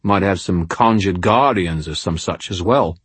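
A coarse hireling, gruff and irritable, growling his words, as a male narrator voices him. The voice is low and husky with a dry, close sound. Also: measured pace, fairly bright tone, no room sound, heavily acted. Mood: gruff, cunning. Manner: annoyed, growling, swears constantly. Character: coarse, gruff British hired mercenary man.

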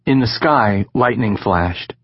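A man narrates a novel in a calm, measured voice that sits lowish and husky. The recording is dead dry and a little muffled, like a close home-studio read. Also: dry recording. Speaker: audiobook narrator. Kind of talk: scripted narration.

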